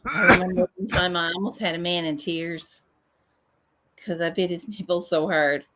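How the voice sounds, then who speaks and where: A woman's voice: fairly low pitch, fairly even intonation, moderate pace, heavy background noise. A woman hosting a casual livestream, joking and swearing freely as she chats with viewers. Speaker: livestream host.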